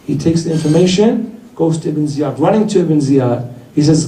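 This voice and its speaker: A man delivers a sermon, retelling a tragic story in a grieving, narrative tone. His voice sits high and mellow. The recording carries a lot of echo from a hall, with the mic well away from him. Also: animated, moderate pace. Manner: mournful storytelling, voicing the figures in quotes. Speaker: speaker at a religious gathering. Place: hall of a religious gathering. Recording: echoey hall, mic at a distance.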